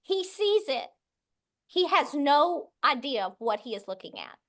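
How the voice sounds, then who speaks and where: In a high voice and at a slightly slow pace, this middle-aged West Texan tells her story as a podcast guest, acting out the characters with animated voices.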